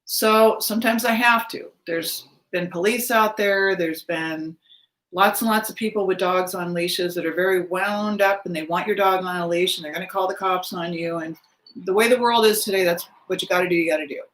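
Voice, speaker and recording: Animated storytelling woman in her fifties. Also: lowish voice, normal speed, reverberant. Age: 50s. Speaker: spiritual vlogger. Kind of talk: casual storytelling monologue.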